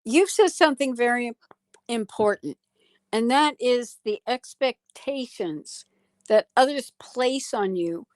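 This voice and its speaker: A woman, a psychologist guest on a talk show, speaking in a slow, deliberate way with emphatic pauses. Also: on the high side, lively intonation, no echo. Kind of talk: political talk show conversation.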